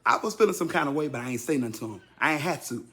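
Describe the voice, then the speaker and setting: A man in his fifties tells his listeners a personal story casually and at a racing pace, with faint music behind him. Talking straight to the audience, he repeats himself for effect, and his voice leaps high and loud whenever he acts out what someone said.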